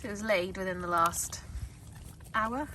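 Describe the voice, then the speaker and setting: A woman's voice: unhurried, bright, forceful tone, slight background noise. A woman chatting casually to camera while walking her dogs outdoors, a little breathless on the hills. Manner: chatty, talks to her dogs in a high coaxing voice. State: out of breath on a hill. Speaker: dog breeder vlogger. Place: outdoors on a countryside walk.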